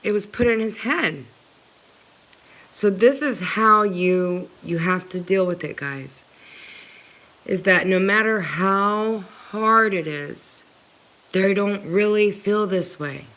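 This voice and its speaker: A woman's voice: mid-range voice, slow, a bit bright. A middle-aged woman speaking earnestly to her viewers about her own experience, close to tears at times. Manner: earnest, repeatedly addressing viewers as guys. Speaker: vlogger sharing personal experience. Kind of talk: emotional personal talk to camera.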